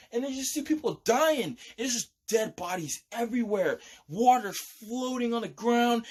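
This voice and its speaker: A man rambling excitedly through a dream he had, acting out screams and humming a tune, with occasional low-voiced rapping. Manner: animated, breathless, acts out screams and hums a tune; raps in a low steady voice. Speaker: vlogger recounting a dream.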